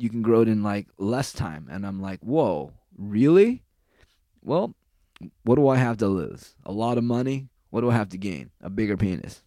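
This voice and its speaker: Man, casual rant, sarcastic, profane, rambling, lowish voice, dry close sound. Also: a little mellow, no room sound. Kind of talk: casual ranting monologue.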